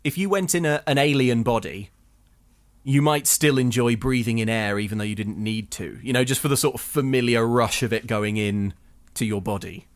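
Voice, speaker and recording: A man's voice: medium pitch, moderate pace. A man co-hosting a podcast, chatting casually and playfully riffing on gory details. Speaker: podcast co-host. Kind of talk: casual chat.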